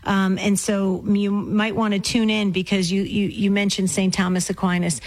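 A woman's voice: medium pitch, little pitch movement, low-quality recording. Effusive woman hosting a call-in show. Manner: enthusiastic, effusive, quick asides. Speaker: radio show host. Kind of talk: call-in radio talk.

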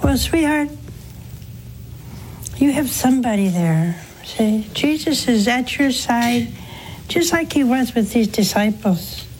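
Older lady on a religious tv call-in, slow, tender, preachy, bit of hiss behind. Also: fairly high pitch, lively intonation. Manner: gentle, pleading, preacherly. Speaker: religious TV host taking calls. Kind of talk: call-in spiritual counsel.

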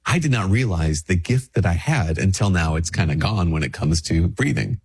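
A man's voice: sits low, lively intonation, moderate pace, darkish tone, husky. A male Catholic priest, a bit sick with a stuffy nose, giving a casual spiritual talk in a conversational way, often restarting his sentences. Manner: conversational, with frequent restarts and fillers.

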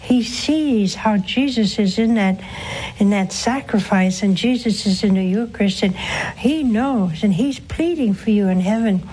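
A nun hosting a call-in show, preaching and answering callers in a slow, earnest way, swooping up in pitch for emphasis. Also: female voice, mellow, slightly rough, poor audio.

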